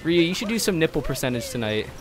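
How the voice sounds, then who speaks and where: A man's voice: a little high, fast. A man streams himself playing a game, talking in a bouncy voice that climbs and dips all over. He gushes thanks to viewers and laughs often, sounding flustered, with faint game music underneath. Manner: excitable, gushing thanks, frequent laughter. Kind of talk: live gameplay stream chat.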